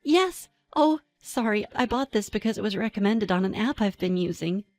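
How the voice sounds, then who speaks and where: A woman's voice: expressive, normal speed, darkish tone, dry recording, faint music behind, close to an everyday voice. Woman voicing a meek, flustered young mom. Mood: shy. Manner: high, breathless and apologetic.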